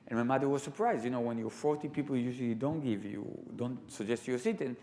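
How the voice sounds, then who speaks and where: A man with an Israeli accent telling stories live to an audience in a large sanctuary, animated and full of laughing asides. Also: mid-range voice, fast talker, few pauses, a little hiss or hum. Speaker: storyteller guest. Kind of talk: live storytelling talk.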